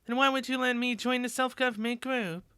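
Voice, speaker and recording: A woman's voice: fairly high pitch, fairly even intonation, a little fast, fairly bright tone, smooth, dry recording, voice pushed up, lightly acted. A woman voicing a refined former noble schoolgirl. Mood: earnest. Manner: formal, polished speech.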